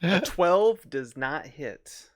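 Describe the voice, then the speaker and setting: Guy dm'ing a tabletop game, slow and unhurried, dry close sound. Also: a little high, no room sound. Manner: relaxed, halting narration with fillers. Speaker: dungeon master.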